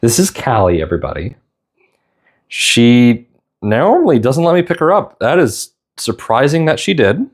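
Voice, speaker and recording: Speaking at a moderate pace with a medium-pitched, very animated voice, a young man chats casually on a live stream. He rambles tenderly and keeps breaking off to apologize as tears come.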